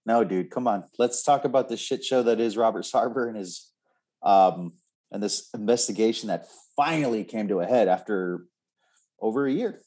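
A man's voice: on the low side, moderate pace, darkish tone. A man co-hosting a podcast in casual chat, dry and understated. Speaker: podcast co-host.

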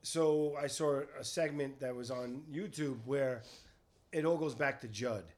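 A man's voice: medium pitch, unhurried, a little mellow. A man co-hosting a casual podcast, talking eagerly and rambling. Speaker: podcast co-host. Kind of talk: casual chat.

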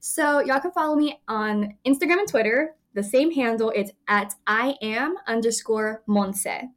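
A woman's voice: a little high, a little slow. A woman in her twenties, an actress guest, telling stories in a chatty, laughing way full of fillers. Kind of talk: casual interview chat.

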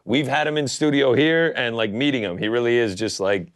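A man's voice: mid-range voice, brisk, no room sound, clean studio sound. A man co-hosting a casual talk show, easygoing and enthusiastic. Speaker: co-host. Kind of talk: casual chat.

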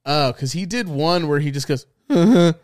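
Animated, swearing young man telling stories. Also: a little high, normal speed. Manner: animated storytelling, acts out quotes, heavy swearing. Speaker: podcast co-host. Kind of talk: casual chat.

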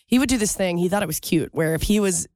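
A woman co-hosting a casual radio show, telling stories in an animated way. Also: fairly low pitch, quick pace, no room sound, studio quality. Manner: animated storyteller, laughs often. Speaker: radio co-host.

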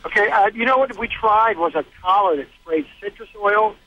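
A man's voice: sits high, moderate pace, no room sound, highs cut off. A man calling in to a radio show, asking casual questions about his dogs. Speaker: caller. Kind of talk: radio call-in chat.

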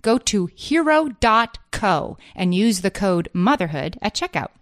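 A woman co-hosting a podcast, reading a sponsor spot in an upbeat, steady way. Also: mid-range voice, measured pace, no room sound, clean studio sound. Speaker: podcast co-host. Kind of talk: casual ad read.

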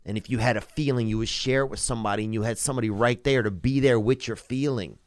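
A man hosting a podcast, talking loosely and warmly to a caller, rambling with laughing asides. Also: mid-range voice, fast, dry recording. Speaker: podcast host. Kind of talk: casual podcast chat.

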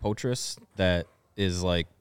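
A man's voice: deep voice, takes it slowly, clear, resonant tone. A man co-hosting a casual sports podcast, making dry, wry remarks. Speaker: podcast co-host.

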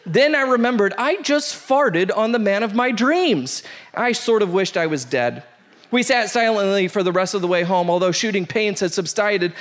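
A man hosting a show, reading a funny first-date story aloud with lively, laughing delivery. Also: high-pitched. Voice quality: animated, breaks into laughter, shouts out the quoted lines. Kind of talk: comic storytelling read aloud.

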